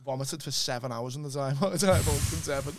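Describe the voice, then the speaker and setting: A man's voice: medium pitch, fast, a crowd in the background. A man in casual podcast chat, rambling through a story and laughing as he goes.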